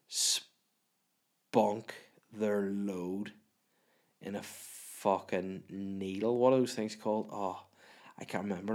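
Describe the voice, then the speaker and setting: A man with a Northern Irish accent hosting a casual solo podcast from a room at home. He answers listener questions in a sweary, self-mocking, rambling way. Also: lowish voice. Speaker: podcast host.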